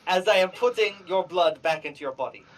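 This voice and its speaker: Woman doing a haughty healer, put-on Russian accent, low voice, broken grammar, role-play. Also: animated, a little fast, recorded from a distance, lightly acted, poor audio. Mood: indignant.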